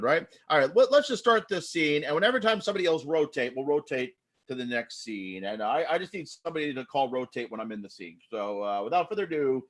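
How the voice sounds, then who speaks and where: A man's voice: fairly high pitch, a bit bright. A man hosting an improv comedy show over a video call, chatty and rambling. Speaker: improv host. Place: home via video call.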